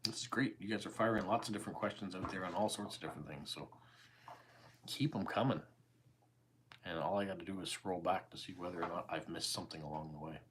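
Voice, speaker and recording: Calm deep-voiced Canadian man. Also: a little hiss or hum. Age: 40s. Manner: calm, easygoing, unhurried. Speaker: YouTube host. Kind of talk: casual livestream chat answering viewer comments.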